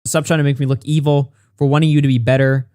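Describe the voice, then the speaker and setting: Here a commentary host's warm, mid-range voice barely moves in pitch. He reads messages and reports at a quick clip and responds bluntly, swearing a lot; the studio sound is clean and free of echo.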